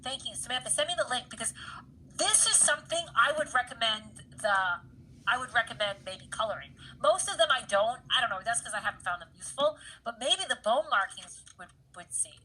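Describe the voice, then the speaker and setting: A woman runs an anatomy lab class, talking students through slides in a loose, conversational way and checking in with them often. Her voice is bright and a little high. A faint hum sits under the recording. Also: expressive, fairly quick, poor audio. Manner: chatty, keeps checking in with "right, guys?"; laughs easily at her own jokes. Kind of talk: casual lecture over slides.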